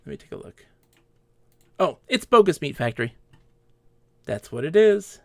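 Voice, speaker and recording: A man live-streaming a game, chatting casually with viewers and telling animated stories. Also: fairly high pitch, normal speed, vocal fry, no echo, studio quality. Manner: animated storytelling, acts out quoted players. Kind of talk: casual live-stream chat while gaming.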